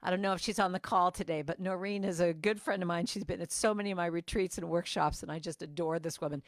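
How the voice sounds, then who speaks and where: Give me a warm-hearted, chatty woman giving an inspirational talk over a video call, dry and close. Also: on the low side, quick pace, no echo. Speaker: guest speaker and musician. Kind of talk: inspirational morning message.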